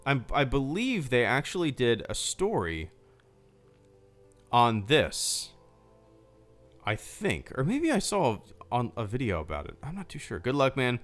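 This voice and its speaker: A man's voice: mid-range voice, huge pitch swings, a little slow, long pauses, faint music behind. A man hosting a casual livestream Q&A with supporters, chatty and rambling, full of restarts. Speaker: YouTube channel host.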